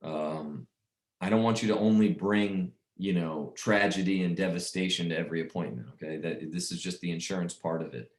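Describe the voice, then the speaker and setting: A man's voice: low-pitched, a little fast, roomy sound. A man casually coaching insurance agents on sales calls, rambling and repeating himself as he talks. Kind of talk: casual sales training talk.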